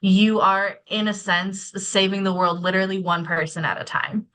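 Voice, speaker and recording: Woman, podcast co-host, bright tense tone, earnest and wry. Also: mid-range voice, steady tone, moderate pace. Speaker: podcast co-host, housing professional. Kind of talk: casual podcast chat.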